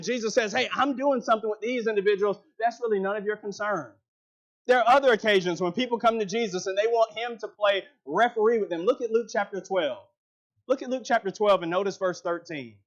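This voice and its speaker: A man delivers a sermon in a fairly high voice. He leans on words and then drops to a hush for effect. The recording sounds a little muffled and dull. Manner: emphatic, rising and dropping for effect. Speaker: preacher.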